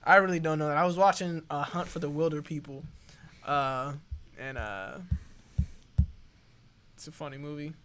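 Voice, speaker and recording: A man's voice: on the high side, steady tone, normal speed, pauses often, fairly bright tone, slight background noise. A man chatting as a guest, joking around in laid-back banter. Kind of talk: casual chat.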